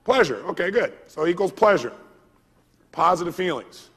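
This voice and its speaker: Motivational speaker, male, gravelly and slightly high voice, energetic call-and-response delivery, long hall reverb. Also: normal speed. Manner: energetic, quizzes the audience with call-and-response questions. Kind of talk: seminar lecture to a live audience.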